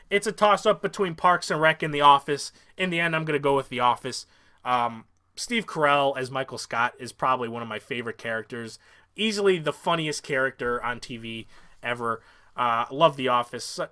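A young man hosting a comedic ranking vlog, ranting with mock outrage and swinging from mumbled asides to loud excited bursts. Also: medium pitch. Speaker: YouTuber.

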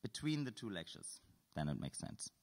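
A man with a fairly low voice leads an interactive lecture, quizzing the audience with dry, playful questions. His voice rings with the long reverb of a lecture hall. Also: very animated, moderate pace, vocal fry. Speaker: artist giving a lecture. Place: lecture hall at an art school.

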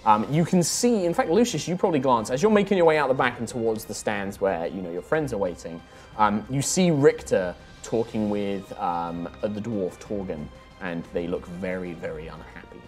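A man narrates a tabletop game as game master, his voice swinging freely between high and low. He tells the action with laughter, and soft music plays faintly behind him. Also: moderate pace. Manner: laughing, animated storytelling.

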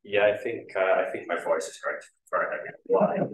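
A hoarse man giving a casual technical conference talk, with lots of fillers and a self-deprecating manner. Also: sits low, moderate pace. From Netherlands. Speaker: conference speaker. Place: conference room. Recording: echoey hall, mic far off.

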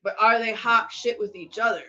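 A woman co-hosting a casual live stream while watching a football game, loud and excitable, cursing and yelling at the plays. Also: fairly high pitch, moderate pace, highs cut off. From United States.

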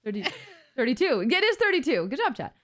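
A woman's voice: high-pitched, big pitch swings, quick pace, fairly bright tone. A woman streaming, chatting casually in a crude, giggly, playful way, acting like a teacher. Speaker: streamer co-host. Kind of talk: casual livestream chat.

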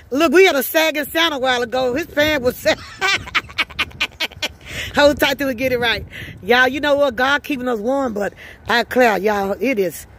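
Southern lady handing out plates outside in the cold, real high voice, laughs a lot and talks about jesus. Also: a little slow, a bit bright, a little hiss or hum. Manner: upbeat and preachy, laughs often. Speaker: host handing out holiday food. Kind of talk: casual charity vlog. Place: outdoors in freezing cold.

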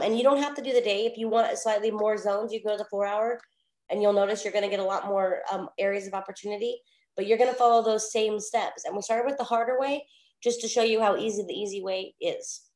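A woman's voice: medium pitch, a little mellow. A woman running a live online trading class on a video call, chatty and laughing, with apologetic asides. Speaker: trading coach. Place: home, at night. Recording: roomy echo.

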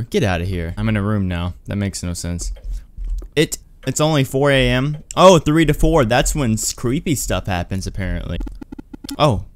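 A man's voice: medium pitch, very animated, a little fast, no echo. A young man doing let's-play commentary on a horror game, muttering nervously and breaking into screams. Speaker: gaming YouTuber.

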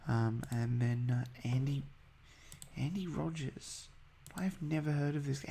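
A man's voice: medium pitch, fairly even intonation, slow pace, vocal fry, long pauses, dark tone, slightly rough. A man giving casual, hesitant commentary over a football management game, full of ums and uhs. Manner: chatty, hesitant, many ums. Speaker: gaming video host.

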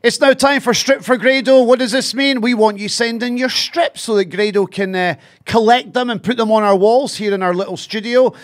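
A man's voice: extremely high pitch, steady tone, normal speed, few pauses. A Scottish man hosting a football podcast in casual chat, teasing and pushing his co-host with questions.

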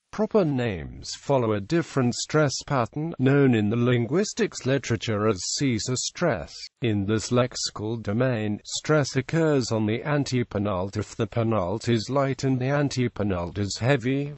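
A man in scripted encyclopedia narration, reading in a steady, even way. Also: lowish voice, moderate pace, few pauses, dry recording.

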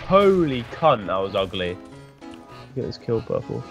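A man chatting with teammates during a match over a headset, swearing and laughing through quick callouts. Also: on the low side, sing-song, soft background music. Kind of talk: gameplay voice chat.

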